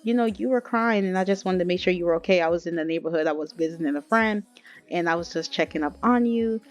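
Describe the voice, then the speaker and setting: A woman's voice: fairly low pitch, fast, natural voice. A woman voicing an easygoing, kind young man who talks in a laid-back, reassuring, slangy way.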